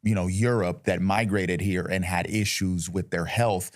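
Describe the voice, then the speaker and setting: A low-voiced man speaks as a talk-show co-host, blunt and opinionated, wandering through his points with restarts. His voice sits close and dry, with no room around it. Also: steady tone, measured pace, no room sound. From United States. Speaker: podcast co-host. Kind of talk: casual chat.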